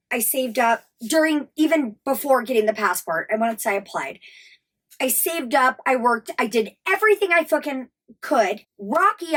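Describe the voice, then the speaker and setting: A high-pitched American woman in her thirties speaks straight to her viewers. She recounts her past with raw, candid emotion and swears freely. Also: fairly bright tone. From United States. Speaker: travel vlogger. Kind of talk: emotional storytelling.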